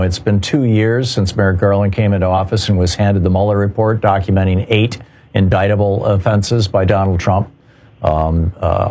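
A man hosting a call-in radio talk show, taking callers and answering in a measured way with many fillers. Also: fairly low pitch, darkish tone. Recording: muffled radio broadcast.

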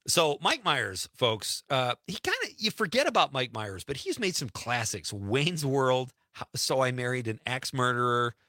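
A man's voice: medium pitch, big pitch swings, normal speed, sharp tone, no echo, studio quality. A man hosting a radio show, chatting casually and reading listener texts aloud with easy laughs. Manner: chatty, laughs easily, drifts between lines. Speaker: radio host.

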